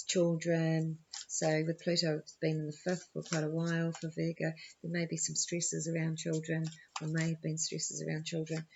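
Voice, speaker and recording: A woman's voice: low voice, creaky, highs cut off, background noise. A woman giving a casual astrology forecast and tarot reading, rambling and thinking aloud with many ums and you knows.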